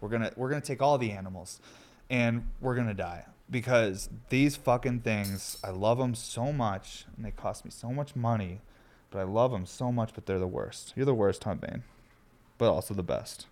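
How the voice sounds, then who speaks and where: A man's voice: mid-range voice, normal speed, darkish tone. A young man rambling loosely and profanely during a home smoking session, shivering from the cold. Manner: loose, unfiltered, profane, self-deprecating. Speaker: streamer and podcast host. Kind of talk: rambling casual talk.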